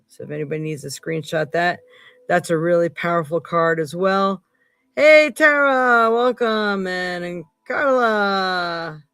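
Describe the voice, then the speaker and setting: A woman's voice: low-pitched, gravelly, no echo. Woman tarot reader hosting a live stream, earnest and emphatic, dry close sound. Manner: emphatic, earnest, jumps between loud and hushed. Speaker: psychic tarot reader and host.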